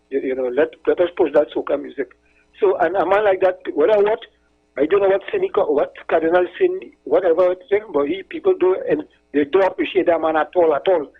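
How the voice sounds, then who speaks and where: On a tinny phone line, a man with a high, husky voice chats casually with a talk show. He tells stories, rambling and repeating himself.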